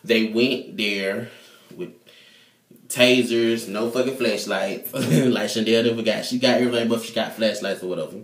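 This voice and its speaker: A man casually recapping a TV episode in an animated, slangy, profane way. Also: lowish voice, normal speed. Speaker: TV show reviewer. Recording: echoey room.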